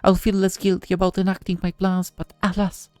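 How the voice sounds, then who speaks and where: A man's voice: high-pitched, completely flat delivery, a little fast, a little mellow, smooth, no room sound, pitched above the performer's own voice, lightly acted. A man doing a prim, formal woman professor. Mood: gracious. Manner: stiff, elaborate formal phrasing. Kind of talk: reading a visual novel aloud.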